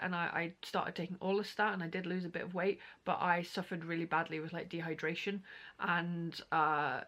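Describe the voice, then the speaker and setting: A woman's voice: fairly low pitch, fairly even intonation, normal speed, a bit bright. A young woman vlogging, telling a story in a casual, rambling way with many fillers. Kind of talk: casual chat to camera.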